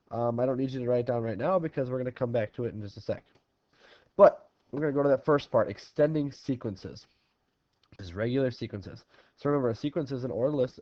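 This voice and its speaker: A man's voice: mid-range voice, no room sound. A male math teacher works through examples at an easy, conversational pace, talking through each step. His voice sits in a middling range. The recording is dry with no room sound and slightly muffled, lo-fi quality. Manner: casual, talks through problems step by step. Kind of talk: recorded classroom lesson.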